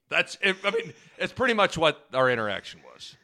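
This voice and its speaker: A man co-hosting a sports podcast in casual chat, animated and prone to mock play-by-play calls. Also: on the high side, fairly quick, vocal fry, hardly any pauses. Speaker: podcast co-host.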